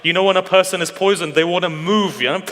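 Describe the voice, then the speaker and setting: A man's voice: high-pitched, quick pace, a bit bright, in a large hall. A man delivering a mourning sermon at a religious gathering, telling the story with passion and asking the listeners questions. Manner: impassioned storytelling, asks the audience questions. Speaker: majlis speaker.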